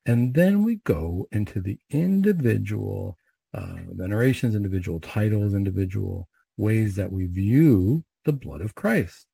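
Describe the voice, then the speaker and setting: Dark, husky male preacher. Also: fairly low pitch, a little slow, dry recording. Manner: steady and conversational, reflective. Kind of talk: prayer recitation and reflective sermon talk.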